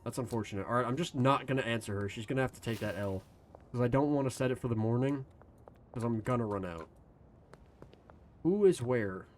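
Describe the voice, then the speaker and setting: A man's voice: medium pitch, a little fast, pauses often, a little mellow, slight background noise. A man streaming a video game live, rambling to his chat in a loose, casual way and swearing freely. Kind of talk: casual gaming stream commentary.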